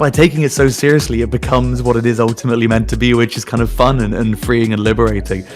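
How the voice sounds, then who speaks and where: A man, a voice actor, chatting in an interview, animated and self-mocking, laughing often as he tells stories. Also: mid-range voice, quick pace, soft background music. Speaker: voice actor guest. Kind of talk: casual interview chat.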